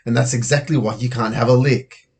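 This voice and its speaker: A man voicing a cheeky schoolboy in a children's story, reading his lines with bright excitement. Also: mid-range voice, a little fast, gravelly, close to an everyday voice. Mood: cagey, cheeky.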